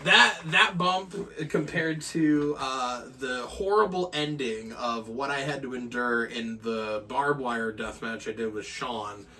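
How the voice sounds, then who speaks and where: A man from Maine tells his stories in a bright, forceful voice, swearing freely and acting out every quote. He sits a little back from the mic, so the sound has some distance. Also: mid-range voice, slow, few pauses, a little hiss or hum. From Maine, USA. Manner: animated, profane, acts out quotes. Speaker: guest pro wrestler. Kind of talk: casual storytelling chat.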